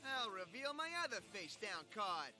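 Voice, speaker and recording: A brash, cocky teen duelist. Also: male voice, sits high, sing-song, normal speed. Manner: boastful trash talk. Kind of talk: cartoon dub acting. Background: cartoon background music.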